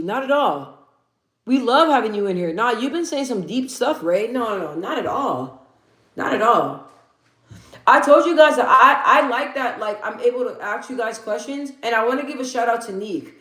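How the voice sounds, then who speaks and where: A woman's voice: a little high, a bit bright, reverberant. A woman hosting a casual livestream, talking candidly and rambling, swearing freely and reading out viewer comments. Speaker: livestream host.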